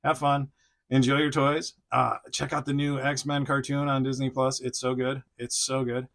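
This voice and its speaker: Gravelly, rambling man reviewing toys. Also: medium pitch, little pitch movement, moderate pace, a bit bright. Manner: rambling, chuckling, many fillers. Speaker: toy reviewer. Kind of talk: casual unboxing chat.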